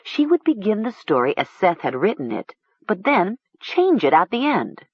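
A woman narrating a storybook in a measured, expressive way. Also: mid-range voice, breathy edge, no room sound. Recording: dull lo-fi recording.

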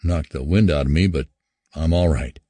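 A man's voice: a bass voice, moderate pace, dark tone, no room sound. A man reading the lines of a nervous male astronaut who reports from the ground in gasps. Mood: tense. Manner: anxious, gasping.

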